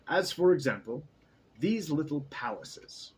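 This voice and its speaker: A man voicing a playful yet menacing male pharaoh in a casual read-aloud of a novel, with a husky, lively voice. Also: on the high side, measured pace, heavily acted. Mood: lordly.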